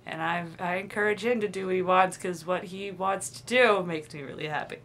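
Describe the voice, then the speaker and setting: A woman's voice: fairly low pitch, brisk, fairly bright tone, slight background noise. A young woman talking into the camera in a confiding, dreamy video diary, often trailing off and restarting. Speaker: vlogger.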